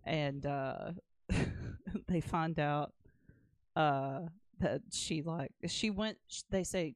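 A woman's voice: low voice, drawn-out words, no room sound, clean studio sound. A woman co-hosting a casual movie-news podcast, chatty and teasing, laughing mid-sentence. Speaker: podcast co-host. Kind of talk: casual chat.

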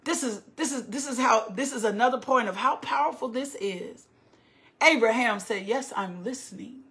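A woman's voice: a little high, moderate pace, fairly bright tone. A woman preaching a sermon with fervent, repetitive, building cadences.

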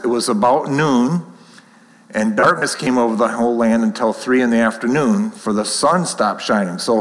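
A man giving a sermon, reading scripture aloud and explaining it in a measured, explanatory way. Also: medium pitch, fairly bright tone, big-room sound, low-quality recording. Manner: measured, explanatory, reads aloud then comments. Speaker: preacher.

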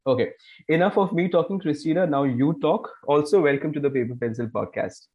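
A man's voice: fairly high pitch, fairly quick, highs cut off. A man with an Indian English accent hosting a podcast, chatty and joking as he interviews a guest. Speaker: podcast host. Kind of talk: casual interview chat.

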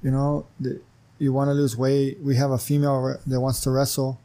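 A man's voice: mid-range voice, brisk. A man, a wrestling commissioner and gym owner, telling a story as a podcast guest, acting out conversations with lots of "you know" fillers. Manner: animated storyteller who acts out dialogue, many "you know" fillers. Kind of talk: casual storytelling interview.

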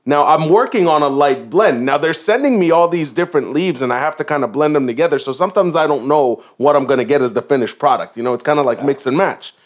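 A man co-hosting a casual podcast chat, telling a story in an animated, profane way. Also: fairly high pitch, fast, hardly any pauses. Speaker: podcast co-host.

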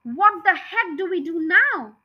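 Lady reading as a grumpy fat farmer, cursing, slow and high. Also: expressive, highs cut off. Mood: grumbling angry. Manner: cursing, grumbling.

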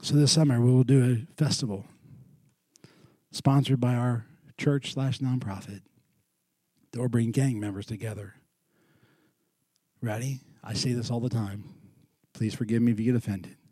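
A middle-aged man preaching a sermon in a church, moving from loud, lively storytelling to quiet, earnest lows. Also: moderate pace, husky, dry recording, clean studio sound. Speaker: pastor.

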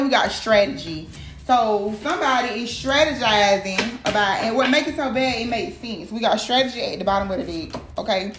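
Woman tarot reader, cussing and animated, fairly high voice, recorded in an echoey room with noise behind her. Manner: profane, animated, talks straight to viewers. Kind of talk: casual tarot reading vlog.

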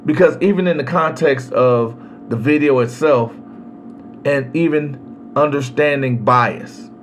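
A man hosting a podcast, giving a slow, emphatic solo commentary on legal rights with long pauses. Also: a little high. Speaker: podcast host.

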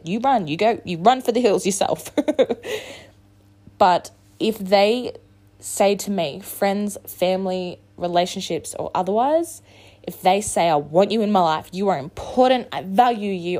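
Using a mid-range, somewhat mellow voice, a woman runs her own podcast alone. She's hungover, swears freely, and keeps the monologue casual, frank, and motivating.

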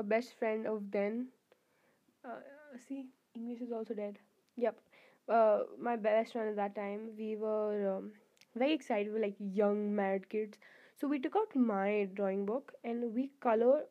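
A young woman talks straight to her viewers in a casual, rambling monologue, stopping often to restart her sentences. Her voice sits a little high. The recording sounds dull and lo-fi. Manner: rambling, many fillers and restarts. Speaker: vlogger.

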